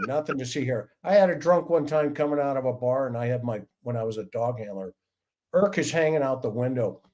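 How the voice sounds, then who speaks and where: A middle-aged man hosting a livestream, telling anecdotes from his years as a police officer and acting out the people in them. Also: mid-range voice. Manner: animated anecdotes with acted-out voices. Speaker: podcast host, retired police officer. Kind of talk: casual livestream storytelling.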